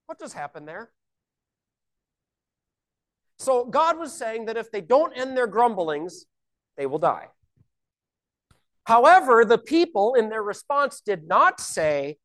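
A woman's voice: on the high side, sing-song, slow, long pauses. A woman teaching a Bible lesson, explaining scripture step by step and asking rhetorical questions.

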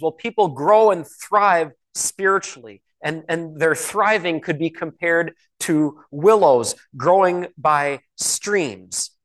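A man preaching a sermon in a conversational way, asking rhetorical questions and slowing down to stress key words. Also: on the high side, a bit bright. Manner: slows and stresses key words when reading scripture.

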